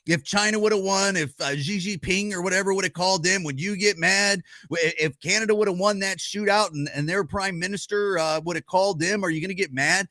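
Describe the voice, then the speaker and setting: A middle-aged man vents to the camera in a loose, rambling vlog rant, cursing freely and tripping over his own restarts. His voice sits a little high and sounds bright and forceful. The sound is dry and close, with almost no room around it. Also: fairly quick, few pauses, dry recording. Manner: rambling, blunt and profane, with many restarts and stammers; rhetorical questions to the listener. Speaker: vlogger. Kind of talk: casual ranting commentary.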